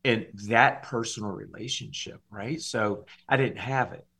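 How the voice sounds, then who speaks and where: A man from Louisiana, a singer and minister giving his testimony as a podcast guest, animated and acting out the dialogue. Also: on the low side, a little slow, vocal fry, breathy edge. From Louisiana, USA. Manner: animated storyteller, acts out dialogue.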